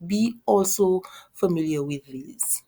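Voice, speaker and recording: Woman teaching French phrases slowly. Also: on the low side, warm tone. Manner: models French phrases slowly, then explains in English; repeats words and restarts often. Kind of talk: language lesson.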